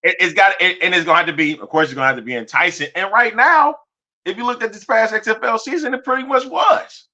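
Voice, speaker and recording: A man co-hosting a casual sports talk show, loose and rambling with quick restarts. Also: high voice, sharp tone. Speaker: podcast co-host. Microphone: studio microphone.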